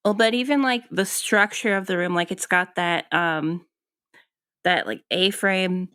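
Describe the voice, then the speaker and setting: A woman's voice: on the low side, measured pace, a bit bright, no echo, clean studio sound. A woman co-hosting a podcast in casual chat, hesitant with many ums and restarts. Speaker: podcast co-host.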